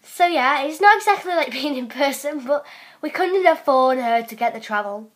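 High, giggly English young woman. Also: expressive, normal speed, fairly bright tone. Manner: giggly, chatty and playful. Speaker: channel host. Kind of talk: casual chat with a friend.

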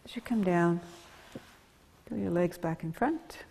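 A woman teaching a gentle yoga class, cueing slowly and calmly, humming softly and dropping to near-whispers on breath cues. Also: on the low side, creaky, in a large hall, slight background noise. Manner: calm, slow cueing with soft hums and sighs. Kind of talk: guided yoga instruction.

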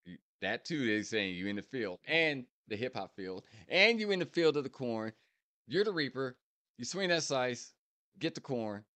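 A man hosting a reaction channel, repeating lines and breaking down their meaning in casual, animated commentary. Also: medium pitch, moderate pace. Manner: repeats lyric lines and explains them, animated.

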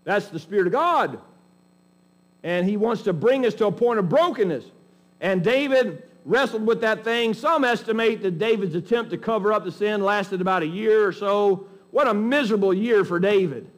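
A man's voice: high voice, lively intonation, moderate pace. A male pastor preaching a sermon in a folksy, emphatic way, often restarting his sentences.

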